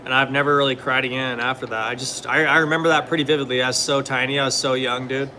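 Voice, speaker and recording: This young guy talks fast in a mid-range voice, level in intonation but bright and forceful, over a faint hiss or hum. It's relaxed, meandering chat packed with fillers, with the odd response to questions from viewers.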